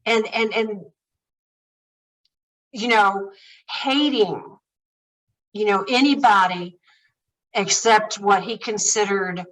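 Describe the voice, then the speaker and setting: A woman running for office answers interview questions earnestly, often pausing and restarting. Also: medium pitch, a bit bright, recorded from a distance, poor audio. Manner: earnest, halting, with many fillers and restarts. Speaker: political candidate guest.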